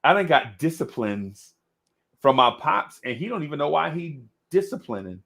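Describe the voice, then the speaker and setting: A man's voice: on the high side, normal speed, vocal fry. A man telling a childhood story in casual chat, laughing often and acting out the people in it. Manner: animated, laughing, acts out the people in his stories. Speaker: podcast co-host.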